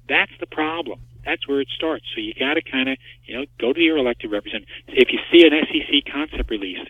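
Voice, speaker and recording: Fast emphatic guy on a phone line, dry and tinny, keeps going "okay?" "right?". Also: mid-range voice, slightly rough, dry recording. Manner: emphatic, rapid, hammers points with rhetorical questions. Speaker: market structure expert guest. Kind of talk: interview over the phone.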